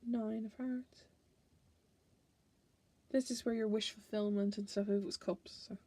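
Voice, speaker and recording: A woman's voice: mid-range voice, steady tone, measured pace, warm tone, husky, dry recording. A woman tarot reader chatting casually through a card deck, playful and giggly.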